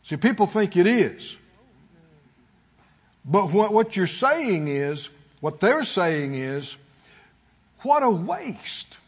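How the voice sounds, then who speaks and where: High husky preacher guy, slow and swooping, kinda dull lo-fi recording. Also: very animated. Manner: call-and-response preaching, rising to shouts. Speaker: pastor. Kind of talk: sermon.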